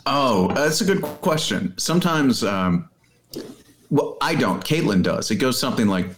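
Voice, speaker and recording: A man's voice: unhurried, a little hiss or hum. A man co-hosting a sports podcast in casual, joking banter. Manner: animated, joking, puts on high silly voices. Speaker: podcast co-host. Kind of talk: casual chat.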